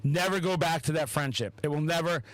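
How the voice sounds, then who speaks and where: A man's voice: fairly high pitch, a little fast, a crowd in the background, rough recording. A man hosting a podcast, chatting casually with lots of swearing and acted-out quotes. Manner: animated, heavy swearing, acts out quotes. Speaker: podcast host.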